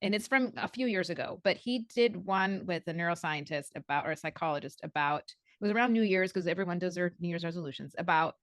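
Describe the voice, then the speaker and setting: Animated woman coach, dry close sound. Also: lowish voice, fast, few pauses, no echo. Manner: animated storyteller who acts out her own past thoughts. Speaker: guest, coach. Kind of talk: podcast interview.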